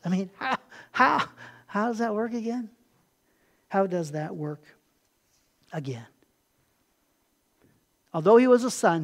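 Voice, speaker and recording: Conversational male pastor preaching. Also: high voice. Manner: conversational, acts out voices in quotes, animated asides. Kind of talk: sermon.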